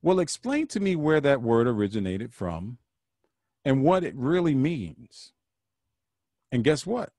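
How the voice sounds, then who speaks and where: A man's voice: medium pitch, sing-song, unhurried, long pauses, mellow, no room sound, clean studio sound. A man hosting a podcast, talking alone with an earnest, preachy manner and repeating phrases for emphasis. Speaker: podcast host. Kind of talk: solo podcast monologue.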